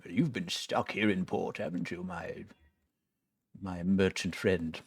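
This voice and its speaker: A man putting on a gruff pirate sailor voice while playing a game. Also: deep voice, fairly even intonation, slow pace, dry recording, heavily acted. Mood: sly.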